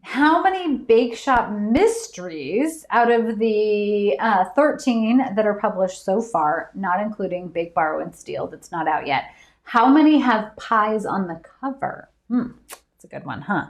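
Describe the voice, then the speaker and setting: A woman hosting a live trivia stream, chatty and quick to laugh as she reads out viewers' answers. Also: mid-range voice, animated, echoey room. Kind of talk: casual live-stream chat.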